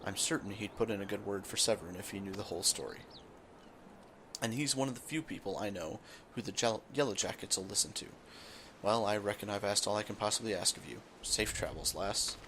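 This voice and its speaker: A man's voice: on the low side, brisk, a bit bright, a little hiss or hum. A man voicing a kindly, grateful older male farmer, reading game dialogue aloud. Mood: gentle.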